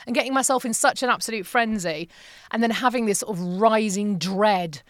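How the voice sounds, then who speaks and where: Expressive woman in her late forties, podcast guest, dry studio sound. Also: mid-range voice, fairly quick, no echo. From from abroad, living in the USA. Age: late 40s. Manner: animated storyteller, acts out quotes, swears freely. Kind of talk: casual conversation.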